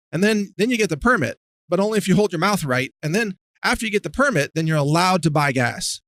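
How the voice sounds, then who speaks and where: A man's voice: fairly high pitch, fairly bright tone, no echo. A man hosting a podcast, delivering a sarcastic, mocking political rant. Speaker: podcast host. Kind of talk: ranting political monologue.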